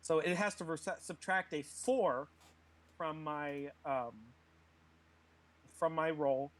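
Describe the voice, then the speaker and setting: A man playing a tabletop game, talking through spells and rolls in a halting way, laughing often. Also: on the high side. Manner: giggly, halting rules talk. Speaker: player.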